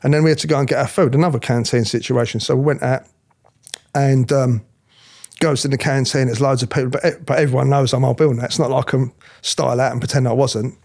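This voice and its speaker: A middle-aged man telling his story in an interview, animated, acting out other people's voices, often restarting his sentences. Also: medium pitch, quick pace, gravelly. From England. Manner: animated, acts out quoted voices, frequent restarts. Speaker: interviewee, former police officer.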